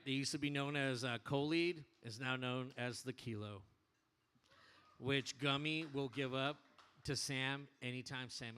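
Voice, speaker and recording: A man addressing his motorcycle club in a bar, telling an animated, profane story in casual speech. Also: mid-range voice, a little hiss or hum.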